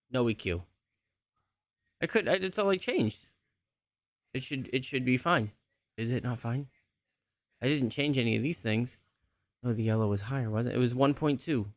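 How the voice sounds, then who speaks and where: A man's voice: medium pitch, expressive, moderate pace, long pauses, dry recording, clean studio sound. A man hosting a livestream, casually muttering to himself as he adjusts his microphone settings. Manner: muttering to himself while tweaking mic settings. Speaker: livestream host. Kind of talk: casual streaming chat.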